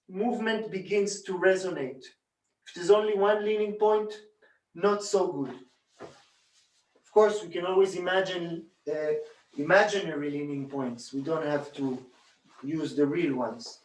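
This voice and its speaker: A man calmly teaching a hands-on bodywork technique, demonstrating as he talks and repeating rhythmic sounds while he works. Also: sits high, measured pace. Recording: roomy echo, distant from mic.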